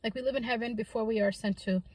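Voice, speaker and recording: A woman's voice: on the high side, steady tone, fast talker, poor audio. A woman vlogger in a casual chat while she eats, talking with her mouth full and musing in a rambling way, with lots of fillers. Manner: soft-spoken, wondering. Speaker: mukbang vlogger.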